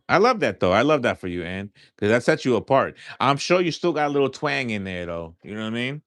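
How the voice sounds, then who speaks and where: A man's voice: medium pitch, sing-song, fast, hardly any pauses, fairly bright tone, no room sound, studio quality. A man from New York with a light New York accent, chatting casually with his live-stream audience, rambling and repeating himself with lots of fillers.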